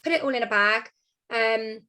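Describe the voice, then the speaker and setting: A woman's voice: a little high, fairly even intonation, normal speed, pushed and bright, smooth. A woman casually sharing practical party-hosting tips on a group call, friendly and a little rambling. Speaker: direct sales consultant sharing tips.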